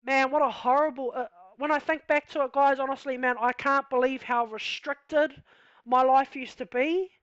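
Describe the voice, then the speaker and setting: A woman with a New Zealand accent tells her own story in a high, candid voice, leaning on "you know" and "like". The sound is dry and close, a little dull and lo-fi. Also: a bit bright, dry recording. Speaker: vlogger telling her life story. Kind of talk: casual personal storytelling.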